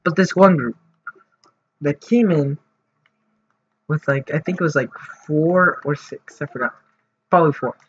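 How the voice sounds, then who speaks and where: A man's voice: on the high side, a little slow, pauses often, a bit bright, breathy edge. A man telling a story for his vlog in a casual, rambling way, full of fillers and restarts. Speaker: vlogger. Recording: dull lo-fi audio with faint noise.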